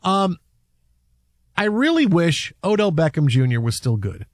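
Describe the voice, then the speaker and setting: A man hosting a casual sports chat, animated and rambling with restarts. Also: a little high, unhurried, no room sound, studio quality. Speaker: sports podcast host.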